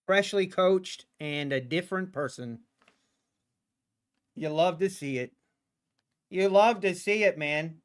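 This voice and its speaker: A man with a high-pitched voice talks slowly and loosely through a live trading stream. He teases the market in a sarcastic, playful tone and breaks into laughs often. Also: smooth. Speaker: day trader streaming live. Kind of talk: casual livestream commentary.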